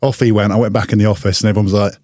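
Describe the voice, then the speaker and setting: A man tells a story in a lively, salty, animated way, as a podcast guest would. His voice sits fairly low. The sound is dry and close, with no room around it. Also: very fast, no room sound. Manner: animated anecdote-teller, swears freely. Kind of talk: casual storytelling.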